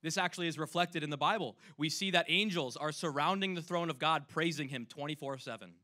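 A youth pastor delivering a sermon in a bright, forceful voice that sits a little high for a man. He talks earnestly, sinking to a hush on key points and then lifting back to full, loud emphasis. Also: fairly quick. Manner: earnest, swings between hushed and loud emphasis; acts out imagined voices when quoting.

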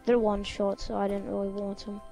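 A woman gamer talking in a defensive, protesting manner. Her voice sits at a middle pitch, with faint music behind her. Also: little pitch movement, a little fast, creaky, dark tone. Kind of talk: casual gaming chat.

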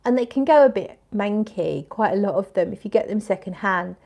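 A bubbly woman in her forties chats her way through a perfume livestream, answering comments as they roll in. She talks loosely, stops and restarts her sentences, and her voice sits at an average pitch for a woman. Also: expressive, brisk, vocal fry, a little mellow. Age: 40s. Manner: chatty, bubbly, with frequent restarts and laughs. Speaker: fragrance livestream host. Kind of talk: casual live-stream chat reading comments.

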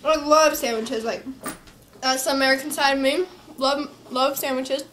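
A young woman talks her way through a day at home for her vlog, chatty and quick to giggle. Her voice sits high and light. A faint hiss runs under the camera sound. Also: fairly even intonation, fairly bright tone. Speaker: vlogger. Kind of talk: casual home vlog chat. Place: home kitchen and living room.

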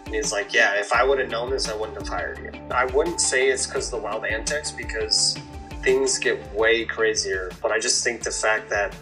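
A man's voice: on the low side, steady tone, normal speed, music in the background, poor audio. A man answering interview questions in a casual, rambling way, laughing between stories. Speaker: reality show guest.

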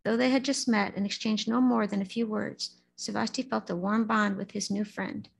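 A woman at a Buddhist service reading a story aloud in a steady, storytelling manner, sometimes stumbling on names. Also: medium pitch, moderate pace, vocal fry, a little hiss or hum, low-quality recording. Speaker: lay speaker at a Buddhist service.

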